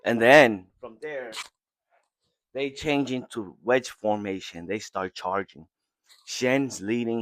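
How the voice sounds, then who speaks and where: A man's voice: lowish voice, fairly bright tone, no room sound. A man hosting a podcast, casually retelling an anime episode scene by scene and briefly acting out the characters' lines. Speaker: podcast host.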